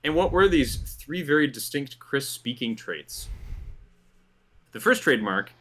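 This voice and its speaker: A man's voice: mid-range voice, very animated, measured pace, a bit bright. A man hosting a commentary show, reading a script in an amused tone and laughing through his lines. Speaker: host.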